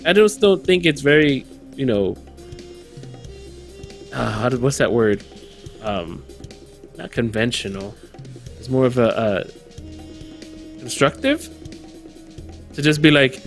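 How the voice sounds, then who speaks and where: A man co-hosting a podcast, talking casually and rambling, often pausing mid-sentence to find the right word. His voice is of average pitch. A faint musical bed runs behind him. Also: expressive, soft background music. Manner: rambling, stops to search for words. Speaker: podcast co-host.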